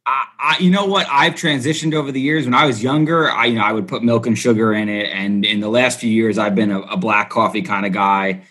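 Relaxed man, a guest reporter. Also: fairly low pitch, brisk, hardly any pauses. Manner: relaxed, easygoing. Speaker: hockey beat reporter, podcast guest. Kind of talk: casual interview chat.

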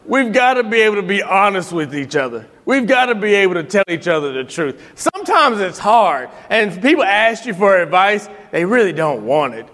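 A man giving an inspirational talk to other men, telling animated stories with frequent laughter. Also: high voice, brisk, hardly any pauses, long reverb tail. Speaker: speaker at a men's event.

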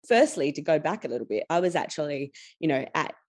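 An Australian woman in her forties with a notably low voice speaks as a podcast guest. She tells personal stories openly and with energy, laughing often and slipping into the voices of people she quotes. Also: lively intonation, fast. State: tired. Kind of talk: candid personal storytelling.

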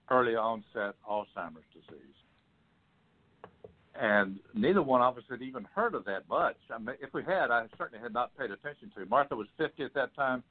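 Older man telling his story by phone. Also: medium pitch. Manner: halting, with many restarts and fillers. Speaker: author and guest. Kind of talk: personal storytelling in an interview. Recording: phone line.

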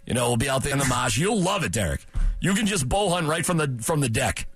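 A man co-hosting a sports radio show, joking loudly and teasing his co-hosts in animated banter. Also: mid-range voice, quick pace, slightly rough, dry recording. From Massachusetts. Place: radio studio.

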